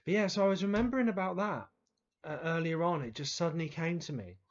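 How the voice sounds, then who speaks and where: Rambling male storyteller, slightly higher voice. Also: fast, highs cut off. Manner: rambling, with many fillers and restarts, sometimes swearing. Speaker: writer telling stories to camera. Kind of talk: casual storytelling monologue.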